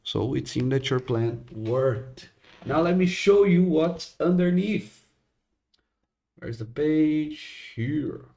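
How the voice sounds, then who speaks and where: A man narrating as game master in a tabletop game, unhurried and pausing with fillers. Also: on the high side, expressive, creaky, warm tone.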